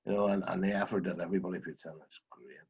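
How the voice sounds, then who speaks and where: A man's voice: deep voice, fast talker, husky, muffled recording. A man with a Northern Irish accent, a guest in a casual video call interview, chatty and fond of telling funny stories. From Northern Ireland. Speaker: guest driver. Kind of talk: casual interview chat, storytelling.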